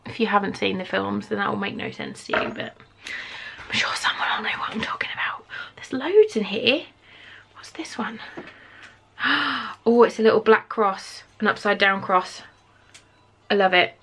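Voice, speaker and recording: A woman in her thirties from England, chatting excitably while unboxing and gushing over each item. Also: medium pitch, normal speed, vocal fry, whispered. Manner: gushing, excitable, with sudden gasps and soft mutters. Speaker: vlogger. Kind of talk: casual unboxing chat. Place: home room.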